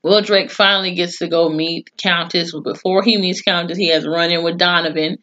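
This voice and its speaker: A woman giving a casual, profane recap of a TV episode, acting out the characters' lines with animated voices. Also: on the low side, brisk, highs cut off. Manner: chatty and profane, with animated acted-out quotes. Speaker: TV episode reviewer.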